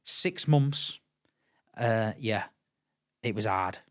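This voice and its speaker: A middle-aged Englishman with a voice on the low side draws out his words while chatting casually as a podcast guest. He's an animated storyteller who performs the voices in his anecdotes and repeats words.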